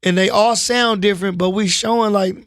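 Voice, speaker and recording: A man talking casually in an interview, relaxed and slangy, often saying "you know what I'm saying.". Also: high-pitched, a little fast, no room sound, clean studio sound. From Los Angeles, US. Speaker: rapper guest. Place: studio.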